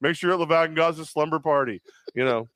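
A man in his forties co-hosting a sports talk show, telling stories casually and mimicking others in high squeaky voices. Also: fast, dry recording, studio quality. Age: 40s. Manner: animated storytelling, acts out high-pitched quoted voices. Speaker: radio show co-host.

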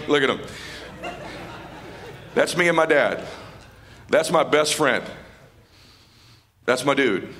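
A middle-aged man with a mid-range voice delivers an emotional speech to a live audience from a stage, acting as a motivational speaker. He's casual and slangy, calling people dude and man, and his voice drops to a hush in tender moments.

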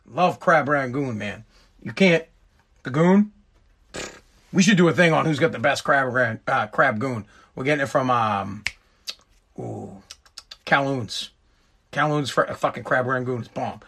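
A man's voice: medium pitch, a little slow, long pauses, a bit bright, slightly rough. A man in his thirties hosting his own podcast, ranting in a profane, exasperated and rambling way. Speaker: podcast host. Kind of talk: solo podcast rant.

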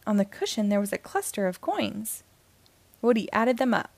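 A woman reading a children's picture book aloud in a gentle, measured storytelling manner, close to the mic. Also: mid-range voice, very animated, gravelly, dry recording.

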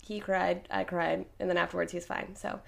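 A woman's voice: on the low side, flat delivery, moderate pace, creaky. A woman in her thirties co-hosting a podcast in casual chat, rambling and laughing often as she shakes off a cold. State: recovering from a cold. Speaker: podcast co-host.

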